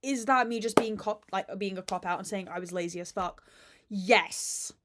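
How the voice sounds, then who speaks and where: A woman's voice: mid-range voice, moderate pace, heavy background noise. Woman podcast host rambling to her phone at home, chaotic and sweary, big dramatic swings. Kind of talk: casual chat to camera. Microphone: phone camera.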